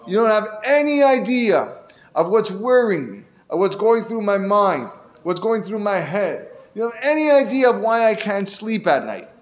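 Brief: a man playing a drunk male villager, pleading, slurred, on the high side. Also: lively intonation, measured pace.

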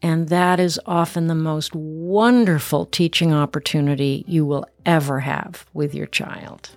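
A woman's voice: low voice, steady tone, measured pace, dry recording, faint music behind. A middle-aged woman hosting a parenting show, giving earnest, emphatic advice and checking in with "right?". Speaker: parenting podcast host. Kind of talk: instructive monologue.

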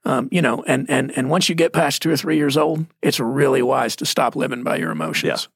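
A man's voice: medium pitch, animated, a little fast, creaky, husky, no room sound, clean studio sound. A man with a Texan accent talking bluntly and folksily about faith, laughing often. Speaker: Christian podcast guest. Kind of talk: casual faith discussion.

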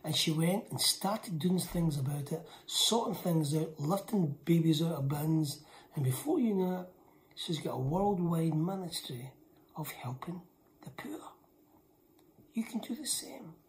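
A woman preaching a sermon with emphasis. She repeats lines for weight and often drops into a hushed whisper. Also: deep voice, animated, unhurried.

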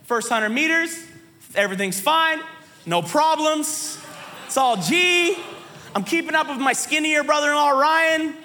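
Male preacher, sermon delivery, lively comic storytelling, high bright voice. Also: unhurried, long reverb tail. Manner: animated storytelling, voices quoted people.

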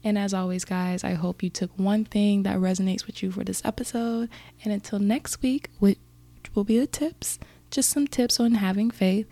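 On her relaxed motivational podcast, a host talks to her audience with sincere encouragement and frequent rambling tangents. Her voice is warm, mellow and mid-range, with fairly even intonation at a moderate pace, recorded dry and close without room echo.

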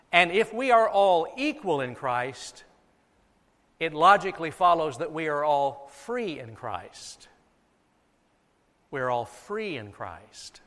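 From the pulpit of a church sanctuary, an American pastor preaches emphatically, leaning on repeated key phrases for effect. His voice runs on the high side and a bit bright, echoing with long, large-hall reverb.

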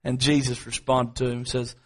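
A man preaching a sermon, telling a story from home and then building to repetitive, dramatic appeals with slow, drawn-out emphasis. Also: medium pitch, level tone, fairly bright tone. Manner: dramatic preaching, swings between drawn-out emphasis and quick asides; repetitive, rhetorical delivery.

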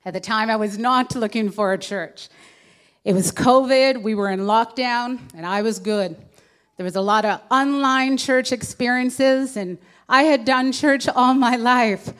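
A woman addressing her church congregation, sharing her story in measured, prayerful phrases. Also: on the high side, fairly bright tone, smooth. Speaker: church speaker. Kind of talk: church testimony.

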